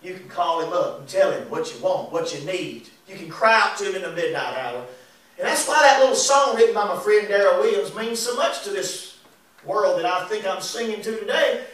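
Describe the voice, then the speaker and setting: Man, evangelist preaching, folksy, high voice, heavy church echo. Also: normal speed. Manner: folksy, animated, laughing asides. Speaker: evangelist and singer. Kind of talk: lively sermon with congregation call and response. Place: church sanctuary. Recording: echoey church recorded from a distance.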